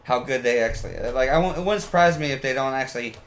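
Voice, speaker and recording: A man who has been drinking chatting casually, rambling and swearing, stopping and restarting often. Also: medium pitch. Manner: rambling, profane, halting with fillers. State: tipsy from beer. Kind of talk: casual chat.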